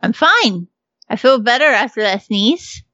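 A woman's voice: fairly high pitch, animated, a little slow, sharp tone, no echo, muffled recording. A woman co-hosting a podcast in casual chat, talking frankly, swearing now and then, and laughing easily. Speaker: podcast co-host.

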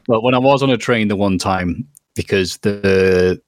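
A man's voice: lowish voice, a little slow, dry recording, studio quality. A man in his thirties with an English accent, chatting on a podcast and rambling through a story with lots of laughter. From England. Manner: rambling storyteller, laughing often, acting out quotes. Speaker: podcast co-host. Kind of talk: casual chat.

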